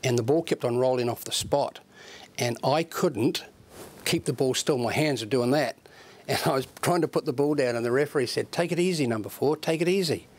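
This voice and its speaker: A former footballer recalling a nerve-filled moment in an interview, in a halting, reflective way. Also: male voice, medium pitch. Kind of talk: retrospective interview.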